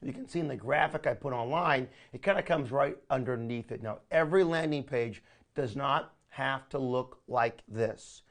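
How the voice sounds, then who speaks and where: A man leading a recorded training session, talking in an energetic, coaching way and often calling listeners "my friend". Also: medium pitch, normal speed. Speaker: online marketing trainer.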